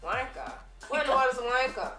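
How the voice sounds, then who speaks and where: A woman's voice: high voice, very animated, fast, sharp tone, distant mic. A teenage girl chatting playfully on her vlog, telling stories in a teasing, giggly way. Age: teens. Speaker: vlogger. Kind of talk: casual chat. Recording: roomy sound with faint music.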